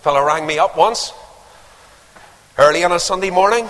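Animated preacher in a hall. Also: male voice, fairly high pitch, brisk. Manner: animated storytelling, acting out voices. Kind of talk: sermon. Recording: long hall reverb.

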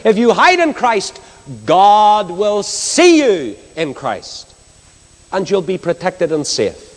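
A man preaching an impassioned evangelistic sermon, swinging from loud exclamations to hushed storytelling. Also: sits high, sing-song, slow pace. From Northern Ireland. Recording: long hall reverb.

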